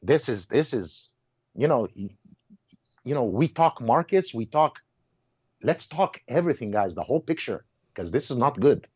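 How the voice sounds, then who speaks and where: A man's voice: mid-range voice, moderate pace, pauses often, breathy edge, no echo, dull audio. A man talking as a guest in a heated casual conversation, telling stories emphatically and restarting his words often. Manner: animated storyteller, repeats and restarts words, exclaims.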